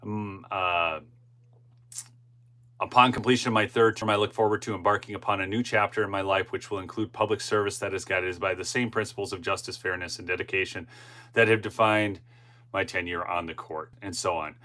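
A man's voice: deep voice, fairly even intonation, fairly quick, pushed and bright. A middle-aged man hosting a political commentary channel, reading news aloud and breaking into impassioned asides with frequent restarts.

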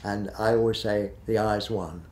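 Man in his eighties, retired director, hesitant reminiscing, low pitch, gravelly, roomy echo. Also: steady tone, moderate pace, a little mellow. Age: 80s. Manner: rambling and hesitant, with many fillers and restarts. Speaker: interviewee, retired television director. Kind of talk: reminiscing interview.

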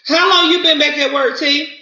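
Chatty Southern woman, bright roomy sound. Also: high voice, fairly even intonation, normal speed. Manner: chatty, folksy, calls viewers honey and y'all. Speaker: livestreamer greeting viewers. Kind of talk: casual live-stream chat. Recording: roomy, slightly dull lo-fi sound.

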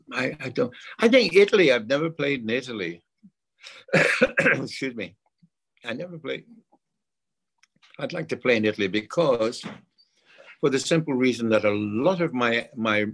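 An older man chatting as a guest in an interview, halting and repeating himself, often adding "you know". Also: mid-range voice, a bit bright. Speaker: guest singer. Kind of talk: casual interview chat.

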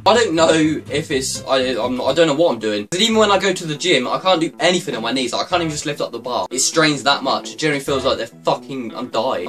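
A man's voice: on the high side, a little fast, hardly any pauses, soft background music. A man ranting casually in a vlog, swearing constantly and getting worked up. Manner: profane, excitable ranting. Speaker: YouTuber.

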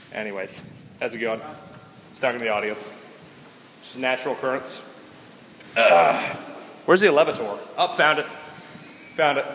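A man's voice: medium pitch, slight background noise. Goofy, rambling tired man vlogging. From Florida, USA. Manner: goofy, rambling, jumps between loud bursts and mumbling. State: tired, out of breath. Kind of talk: hyper casual travel vlog. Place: hotel rooms, halls and balcony.

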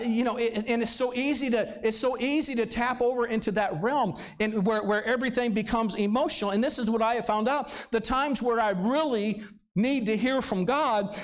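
A male pastor preaching a sermon in a church service, talking conversationally and throwing rhetorical questions at the congregation. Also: very high voice. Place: church sanctuary, live service.

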